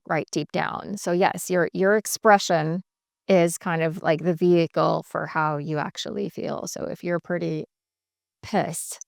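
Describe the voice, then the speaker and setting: A woman working as a couples coach, explaining in a measured and emphatic way on a podcast. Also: fairly low pitch, gravelly, no echo, clean studio sound.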